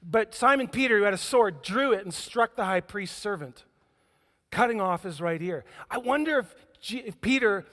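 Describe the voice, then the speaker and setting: A man's voice: sits high, animated, normal speed, a bit bright. A man preaching a sermon as pastor, telling stories with humor and acting out the scenes. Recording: echoey church hall.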